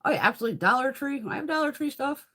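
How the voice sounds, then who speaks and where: A woman's voice: high-pitched, racing. A woman hosting a live beauty stream, chatting casually, swearing constantly and laughing often. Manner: swears constantly, blunt and animated; laughs often while talking. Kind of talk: casual chat during a live room tour.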